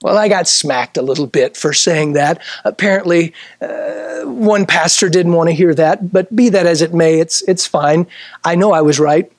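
A male pastor preaching a midweek sermon, emphatic, repeating key phrases and moving between slow, drawn-out lines and quick bursts. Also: fairly high pitch, expressive, creaky, dry recording, studio quality. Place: church service.

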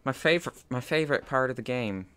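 Speedrunner man, wry running commentary, bright tone, faint keyboard clatter. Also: medium pitch, lively intonation, quick pace, slight background noise. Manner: self-deprecating running commentary. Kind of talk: casual gaming chat.

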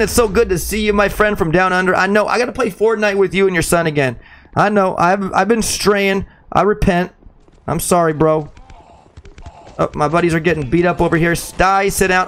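Young male streamer, excitable live commentary, slightly high voice, chats with viewers. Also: slight background noise. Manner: excitable, chatty, greets viewers, calls them bro. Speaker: gaming streamer.

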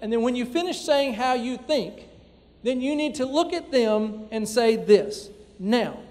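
A man's voice: very high voice, lively intonation, measured pace, a little mellow. A man preaching a sermon as pastor, talking conversationally with frequent fillers, recorded in a church sanctuary. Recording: long church hall reverb.

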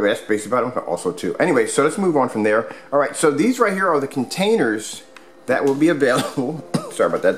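A man casually demonstrating a product at home, rambling with many fillers and restarts. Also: medium pitch. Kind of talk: casual product demo vlog. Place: home room with squeaky floors.

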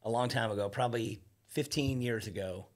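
In a podcast studio, a man with a medium-pitched voice speaks a little fast as a casual guest. He rambles through his stories, swearing freely and acting out the lines he quotes.

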